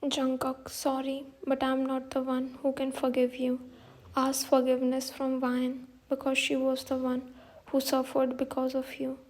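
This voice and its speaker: A reproachful young husband and son, hurt by how his wife was treated, read by a woman. The voice sits high and stays strikingly level, and each line opens with his name. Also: measured pace. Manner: reads flatly, each line starting with the figure's name.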